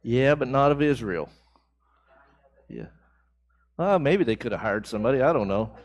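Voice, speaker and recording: A man's voice: mid-range voice, big pitch swings, moderate pace. A man leading a church Bible class, talking conversationally, asking the class questions and building emphasis on key phrases. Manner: conversational, asks the class questions and answers back.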